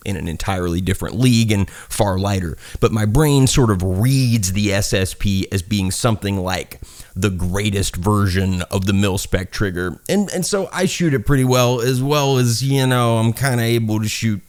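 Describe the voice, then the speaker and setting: A man's voice: lowish voice, a little mellow. A man with a Southern accent giving a casual product review, rambling, swearing and poking fun at himself. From South Carolina, US. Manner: rambling, profane, self-mocking, laughs at own jokes. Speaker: gun reviewer.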